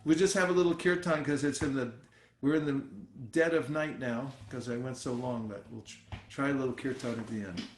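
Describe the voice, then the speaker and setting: A man giving a scripture class as a spiritual teacher, telling stories in a musing, halting way with fillers. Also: medium pitch, echoey room, soft background music.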